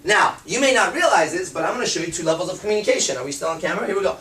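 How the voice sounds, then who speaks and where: A man's voice: sits high, expressive, rapid-fire, sharp tone, reverberant, recorded from a distance. Blunt, profane male dating coach. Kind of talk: seminar talk to a live group.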